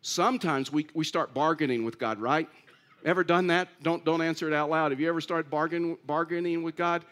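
A man's voice: on the high side, steady tone, brisk, a bit bright. A man preaching a sermon in an earnest way, repeating key phrases and rising to emphatic pleas. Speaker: pastor.

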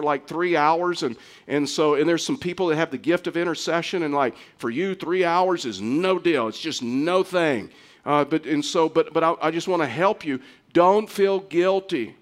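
A middle-aged man preaches a sermon in a fairly high voice. He talks earnestly and conversationally, often stumbling and restarting his sentences as he goes. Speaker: pastor.

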